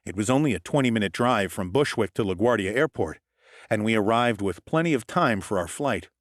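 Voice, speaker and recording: Low-voiced wry hardboiled male narrator. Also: animated, a little fast, no echo, studio quality. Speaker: audiobook narrator. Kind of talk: scripted first-person narration.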